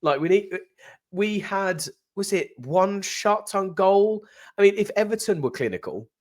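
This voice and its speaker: A man's voice: sits high, expressive, unhurried. An English man co-hosting a football fan channel, upbeat and jokey in casual chat.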